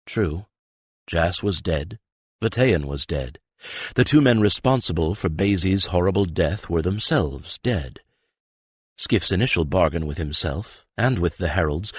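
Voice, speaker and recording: A man narrating an audiobook in a lively, expressive manner. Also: sits low, unhurried, slightly rough, no room sound.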